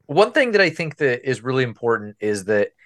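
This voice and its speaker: A podcast co-host with a medium-pitched, slightly bright voice talks fairly quickly and very animatedly. He chats casually about a film, explaining at length with many fillers and restarts.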